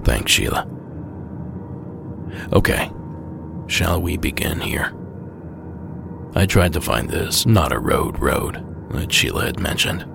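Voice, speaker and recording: A man's voice: rumbling low, creaky. A man hosting a podcast, narrating from a script with a dry, wry delivery. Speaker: podcast host. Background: music.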